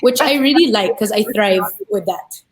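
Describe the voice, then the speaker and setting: A woman, a bride-to-be, chatting casually on a video call, starting hesitantly with halting restarts. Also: mid-range voice, expressive, poor audio. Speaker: guest, bride-to-be. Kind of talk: casual chat.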